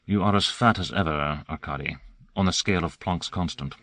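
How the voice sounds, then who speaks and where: A man voicing a calm, unmoved woman scientist who speaks curtly and quietly. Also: a little fast, dry recording. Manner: calm, curt, low-key.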